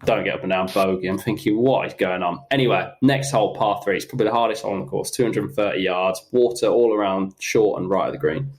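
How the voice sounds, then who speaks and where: A young man, a pro golfer, telling animated, self-mocking stories about his round in casual podcast chat. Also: on the low side. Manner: animated, self-mocking anecdotes with quick asides. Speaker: professional golfer guest.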